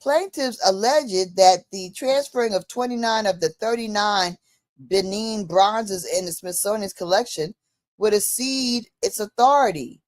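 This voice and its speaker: A woman in a casual discussion, telling a story in an animated way and acting out the dialogue. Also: medium pitch, a little slow, no room sound.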